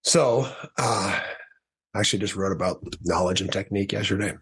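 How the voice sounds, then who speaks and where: Husky low-voiced man telling his story. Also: a little fast. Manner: earnest, restarts sentences, animated when quoting. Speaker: podcast guest and author. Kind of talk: personal storytelling in a podcast conversation.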